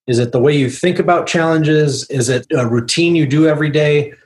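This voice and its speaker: A man hosting an interview show, asking encouraging, measured questions. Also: on the high side, darkish tone. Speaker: podcast host.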